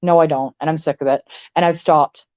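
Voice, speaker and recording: A fairly low-voiced woman from Canada vents straight to her livestream chat, blunt and swearing freely as she rambles from one thought to the next. The mic is close and dry, with a slightly muffled, lo-fi sound. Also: fairly even intonation, fairly quick, darkish tone, dry recording. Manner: blunt, profane, rambling with many "like"s. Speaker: livestream host. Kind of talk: casual livestream rant to chat.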